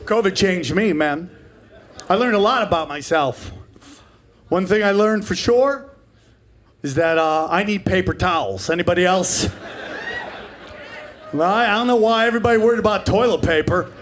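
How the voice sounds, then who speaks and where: Man, forties, stand-up comedian, high voice, brash, profane, shouts punchlines, faint room hum. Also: moderate pace, pauses often. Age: 40s. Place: comedy club stage in front of a live audience.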